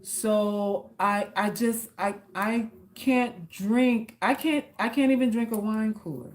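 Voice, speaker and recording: A woman talks casually to her viewers on a live stream. She reads out their comments and answers with blunt, slangy teasing and some cursing. Her pitch sits in the ordinary middle. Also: slow. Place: South Florida.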